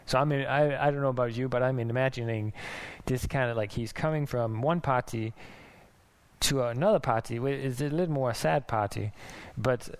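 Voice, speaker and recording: A man preaching a sermon in a conversational, musing way, restarting thoughts and now and then laughing softly. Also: mid-range voice, moderate pace. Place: church in Denmark.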